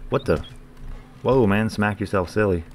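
A man's voice: fairly low pitch, normal speed, a little hiss or hum. A man hosting a gaming channel, giving profane, joking let's-play commentary and talking back to the characters on screen.

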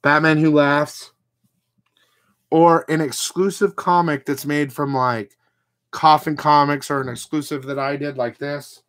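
A man's voice: on the high side, fairly even intonation, measured pace, fairly bright tone. A man hosting a comic book channel, ranting casually to his viewers, blunt and profane, with rambling asides.

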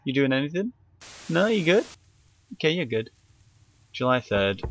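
Dude freaking out over a scary game, yelps and swears a lot, talks to chat. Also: male voice, medium pitch, very animated, normal speed. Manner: jumpy, scared, swearing, frequent sudden yelps. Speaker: gaming YouTuber. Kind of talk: horror game let's play commentary. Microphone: handheld camera mic.

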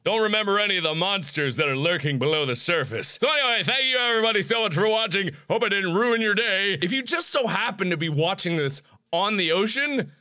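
A man commenting on a video game he is playing, excitable and often shouting and yelping. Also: sits high, brisk, clean tone. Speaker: gaming video host. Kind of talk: energetic gameplay commentary.

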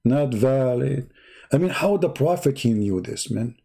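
A man hosting a live-stream debate, talking in a sarcastic, mocking, drawn-out way. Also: medium pitch, lively intonation, gravelly, a little mellow, husky.

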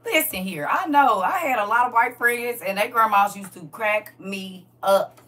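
A chatty woman talking on a live stream, with a high, bright voice. She laughs a lot and addresses her viewers directly in a loose, casual way. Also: normal speed, few pauses.

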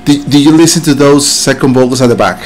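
A man's voice: medium pitch, quick pace, soft background music. A man with a Mexican accent, a native Spanish speaker, hosting an album reaction and gushing with emotion. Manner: effusive, exclamatory, overcome with emotion. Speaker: music reaction video host. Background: the song playing faintly.

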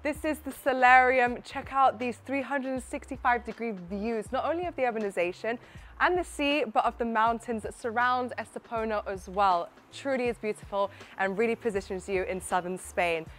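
A woman's voice: on the high side, moderate pace, fairly bright tone, faint music behind. Enthusiastic woman giving a house tour. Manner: enthusiastic, chatty, addresses viewer directly. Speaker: real estate presenter. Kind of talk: property tour walkthrough. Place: inside a townhouse and on its rooftop terrace.

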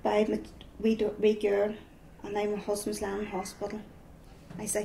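Middle-aged Northern Irish woman, testimony storyteller, gravelly and dark-toned, faint hiss behind. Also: mid-range voice, monotone, moderate pace, low-quality recording. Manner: storytelling with repeated "I says". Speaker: speaker giving a personal testimony. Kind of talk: personal testimony.

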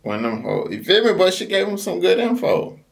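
A man reacting to a clip in slangy, casual commentary that keeps dissolving into laughter. His pitch swings widely and sits a bit high for a man. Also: sing-song, brisk, creaky. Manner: slangy, laughs a lot while talking. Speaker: reaction video host.

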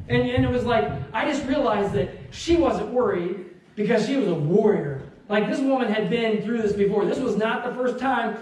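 Animated man preaching in an echoey church. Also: extremely high pitch, fairly quick. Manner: animated storytelling, acts out quotes, laughs along. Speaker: pastor. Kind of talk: sermon with personal story. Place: church sanctuary. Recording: very echoey church hall, distant mic.

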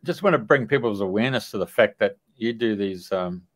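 A man hosts a relaxed interview, his voice sitting a little low for a man. He talks quickly in short, casual remarks. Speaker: podcast host.

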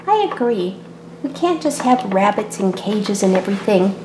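A woman voicing an agreeable mother bunny in a toy play-acting video, soft and easygoing. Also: mid-range voice, sing-song, normal speed, reverberant, noisy background, voice pushed down, close to an everyday voice.

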